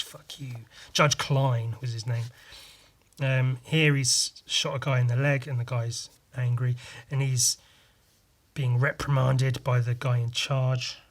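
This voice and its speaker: A young man talks casually on his podcast in an ordinary mid-range voice, loose and rambling. He hesitates often with ums and acts out scenes with quick sound effects. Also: mid-range voice. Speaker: podcast host. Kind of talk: casual chat about his own artwork.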